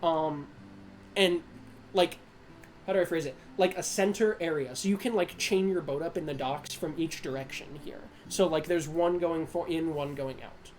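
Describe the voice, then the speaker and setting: Rambling game master full of fillers. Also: male voice, on the high side, moderate pace, a little hiss or hum. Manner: rambling, many fillers and restarts, laughs at himself. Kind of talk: narrating a tabletop game.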